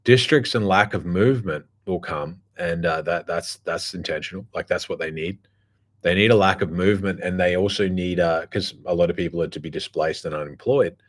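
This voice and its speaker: A man with a very low voice holds forth in a loose, casual monologue. He talks bluntly, swears freely and keeps circling back with fillers and restarts. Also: brisk. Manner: rambling, blunt and profane, full of fillers. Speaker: podcast host.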